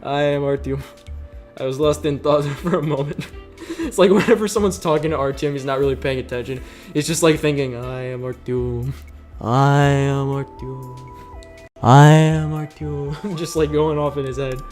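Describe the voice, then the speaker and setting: A man's voice: fairly high pitch, fairly even intonation, a little fast, a little mellow, soft background music. A young man reading a visual novel aloud as host, with jokey, laughing asides between lines. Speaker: let's play host.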